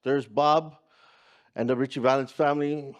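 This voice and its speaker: A man's voice: mid-range voice, fairly even intonation, normal speed. A man telling an earnest personal story at a community gathering, acting out the lines of people in it. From California. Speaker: community organizer speaker. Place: conference room.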